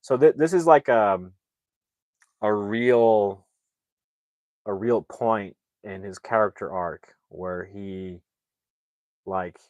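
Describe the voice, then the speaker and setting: A man's voice: fairly low pitch, slow pace, pauses often, darkish tone, no room sound, lo-fi sound. A man casually recapping a movie's plot, rambling with lots of fillers and restarts and openly doubting the story. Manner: opinionated, voices doubts about the plot. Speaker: movie reviewer.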